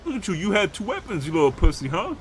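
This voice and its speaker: A man's voice: high voice, sing-song, quick pace, slight background noise. A man roleplaying a gangster in a game, issuing profane street-talk threats.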